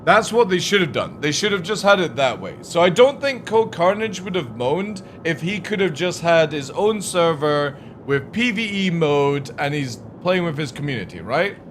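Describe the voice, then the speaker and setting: A man's voice: on the high side, sing-song, normal speed, few pauses, a little hiss or hum. A young man streaming, ranting about video games in a profane, exasperated way. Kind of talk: ranting gaming stream talk.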